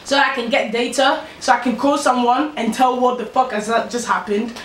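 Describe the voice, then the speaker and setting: A young woman tells a storytime vlog, slangy and animated, her fairly high voice sitting a little back from the mic. The room is echoey, with a faint hum of ambience behind her. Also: normal speed, distant mic. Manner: animated, slangy, laughs while telling. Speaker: vlogger.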